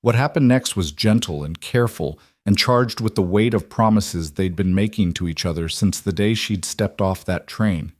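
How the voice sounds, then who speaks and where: A man narrates a scripted story in a gentle, measured manner. His voice runs on the low side and was recorded close and dry, with no room sound or echo.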